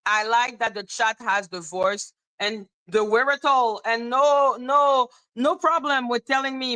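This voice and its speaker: A woman hosting a livestream, talking straight to her chat in an animated, repetitive rant broken up by laughter. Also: fairly high pitch, unhurried, few pauses, no echo, poor audio. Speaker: livestream host.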